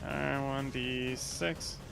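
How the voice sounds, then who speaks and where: A man's voice: mid-range voice, steady tone, drawn-out words, vocal fry, over music. A man playing a tabletop game, asking hesitant questions and joking casually. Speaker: player.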